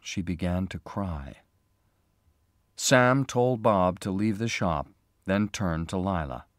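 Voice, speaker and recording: A man slowly and clearly reading a graded story for English learners, with expressive delivery. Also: low-pitched, no room sound, studio quality. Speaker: narrator.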